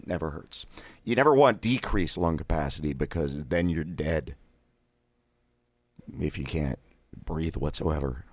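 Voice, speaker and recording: Man, low unhurried voice, voice exercise coach, relaxed and joking, dry close mic. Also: dry recording. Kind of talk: guided voice exercise drill.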